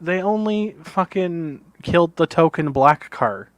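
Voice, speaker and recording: A man in a casual podcast chat who reacts with excitement, swears freely and keeps exclaiming. His voice sits slightly high and sounds close and dry. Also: measured pace, no room sound. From Canada. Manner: excitable, swears a lot, keeps saying "oh my God". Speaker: podcast co-host.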